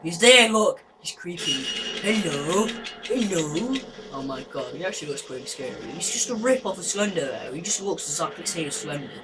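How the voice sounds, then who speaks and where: A man's voice: fairly high pitch, expressive, fast, few pauses, over music. A young man commentating a horror game, jumpy and nervous, screaming at scares and taunting the monster. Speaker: gaming YouTuber. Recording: noisy home recording.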